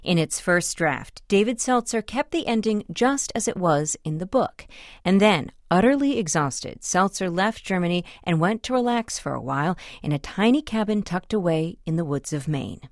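A woman hosts a radio program, narrating and then talking with her guest. Her voice sits low, and she speaks in a measured way. The sound is close and dry. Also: animated, no echo. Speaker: radio show host. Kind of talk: scripted narration and interview.

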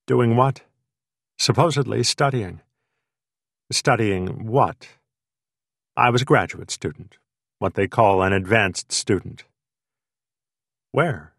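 A man's voice: fairly low pitch, gravelly, a bit bright, no echo, clean studio sound, full character voice. A male narrator voicing a wry young American woman who teases with short, probing questions.

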